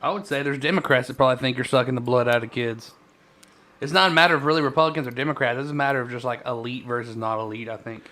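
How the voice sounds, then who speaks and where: A man co-hosting a casual political chat, animated and quick to chime in, stumbling when he reads aloud. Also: medium pitch. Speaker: podcast co-host.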